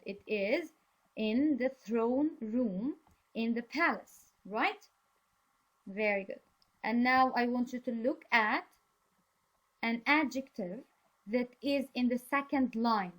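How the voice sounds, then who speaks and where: Slow, patient woman teaching young learners. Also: on the high side, a bit bright. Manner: slow, patient, praising and explaining words. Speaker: English teacher. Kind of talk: reading a story aloud for a class.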